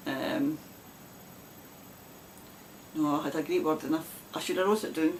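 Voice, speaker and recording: A woman's voice: low-pitched, fairly even intonation, normal speed, long pauses, a little mellow, a little hiss or hum. A woman with a broad Glasgow Scottish accent hosting a knitting podcast, chatting casually to camera with frequent laughs and rambling asides. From Scotland.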